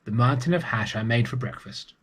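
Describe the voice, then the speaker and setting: A man voicing a bossy female giantess in a children's storybook reading, brisk and scolding. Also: mid-range voice, a bit bright, slightly rough.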